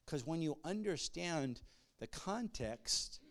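A male pastor giving a sermon, moving between conversational asides and loud call-and-response bursts. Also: on the high side, animated, slow pace.

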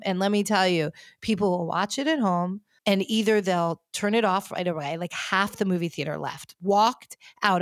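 A woman's voice: fairly low pitch, dry recording, studio quality. A woman hosting a podcast, ranting animatedly in casual chat with lots of filler words. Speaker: podcast host.

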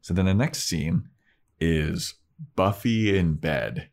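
Deep-voiced man recapping an episode. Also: slow pace. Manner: animated recapper who acts out characters in high falsetto voices. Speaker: podcast co-host recapping a TV episode. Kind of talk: casual chat.

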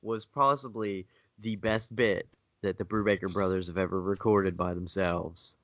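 A man from Pennsylvania with a fairly low voice co-hosts a raunchy comedy podcast, tossing out casual wisecracks. The dry, dull lo-fi recording puts him close to the mic. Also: fairly even intonation, normal speed, a bit bright, no echo. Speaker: podcast co-host. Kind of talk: crude comedic podcast banter.

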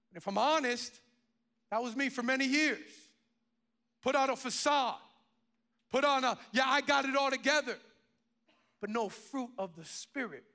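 A man in his forties preaching a sermon as pastor, telling a story with lively restarts and repeated words. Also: very high voice. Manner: animated storytelling with many restarts.

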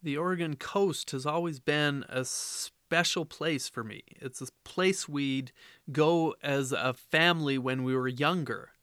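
A man hosting a podcast, giving measured, earnest commentary. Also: a little high, a bit bright, clean tone, dry recording, studio quality. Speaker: podcast host.

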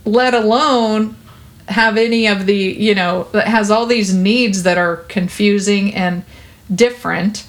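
A woman's voice: medium pitch, steady tone, measured pace. A woman talking earnestly and reassuringly in an interview about caring for babies, with plenty of fillers. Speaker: parenting guest. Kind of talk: conversational interview.

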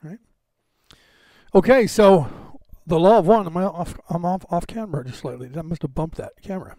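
A man's voice: high voice, normal speed, mellow, dry recording. A man hosting a live podcast stream, chatting casually and rambling with many fillers and restarts. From United States. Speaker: podcast host. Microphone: camera on a box, live stream.

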